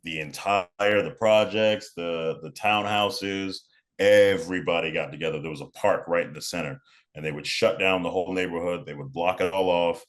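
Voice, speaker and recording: A man's voice: deep voice, fairly even intonation, normal speed. A young man from New York telling a personal story in a laid-back, casual way, often repeating and restarting phrases. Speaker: podcast guest.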